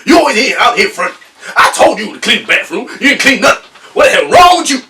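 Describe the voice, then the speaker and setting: A man's voice: very high-pitched, sing-song, fast talker, echoey room, recorded from a distance, slight background noise, pitched above the performer's own voice, full character voice. A young man putting on a mock American accent to play a furious parent scolding a child. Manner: yelling, scolding.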